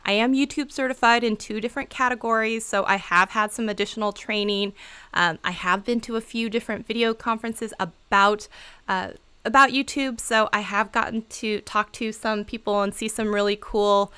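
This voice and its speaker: A woman's voice: medium pitch, fairly even intonation, moderate pace, sharp tone, smooth. A woman chatting casually on a livestream, giving channel advice in a bubbly, talkative way and laughing often. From Seattle area.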